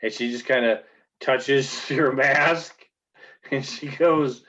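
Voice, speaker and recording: A man narrating a tabletop game as game master, in a relaxed, halting way. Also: mid-range voice, lo-fi sound.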